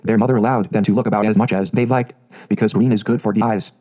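Mellow male storybook narrator. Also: on the low side. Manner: calm, measured reading.

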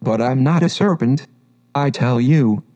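A man's voice: medium pitch, a little slow, mellow, muffled recording, lightly acted. A man voicing a polite, puzzled little girl in a storybook reading, earnest and a bit indignant.

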